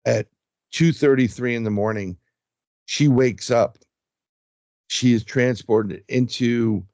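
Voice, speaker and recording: A man's voice: medium pitch, no room sound, muffled recording. A man who investigates the paranormal, telling his experiences in a casual interview and acting out what others said. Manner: animated storyteller, acts out quotes.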